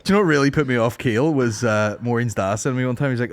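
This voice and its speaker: A man's voice: medium pitch, no echo, studio quality. A young adult man, a podcast co-host chatting bluntly with lots of swearing. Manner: blunt, sweary, quick to laugh. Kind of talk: casual banter.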